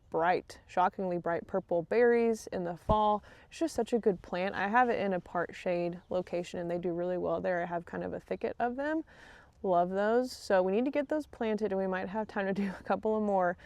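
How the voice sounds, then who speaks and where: A Texan woman hosts a casual gardening vlog from her outdoor garden on a rainy day, chatting away, getting easily distracted and laughing often. Her mid-range voice has a dark tone, and the recording is dry.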